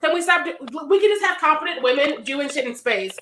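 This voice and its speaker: A woman's voice: sits high, expressive, fairly quick, sharp tone, slight background noise. A woman on a podcast ranting bluntly and with exasperation in casual chat. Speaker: podcast co-host. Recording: echoey room.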